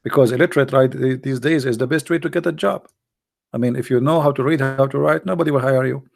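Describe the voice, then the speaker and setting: A man's voice: medium pitch, quick pace, gravelly. A man hosting a livestream, talking casually and mockingly to his live chat and asking it rhetorical questions. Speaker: host of a livestream.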